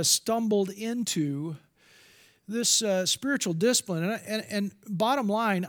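A man's voice: sits high, a bit bright. A middle-aged man giving a candid, confessional sermon as a preacher, with restarts and asides.

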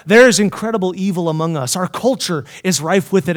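High-voiced man preaching with emphasis. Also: a little fast. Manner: emphatic, swinging between loud and hushed; asks the listeners many questions. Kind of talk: sermon. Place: Bible college chapel.

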